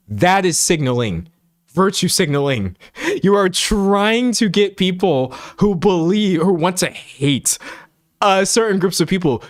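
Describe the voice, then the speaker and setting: A man's voice: fairly high pitch, no echo, clean studio sound. Exasperated streamer man, a little sick. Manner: exasperated, restless, with many restarts and laughs. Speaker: live streamer. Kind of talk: casual livestream chat, reading chat.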